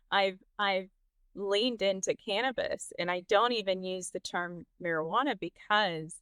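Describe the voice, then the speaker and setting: A woman's voice: mid-range voice, unhurried, fairly bright tone, clean tone, no echo. A woman from Texas hosting a podcast, talking candidly with frequent laughs and restarts. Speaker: podcast host. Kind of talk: casual interview chat.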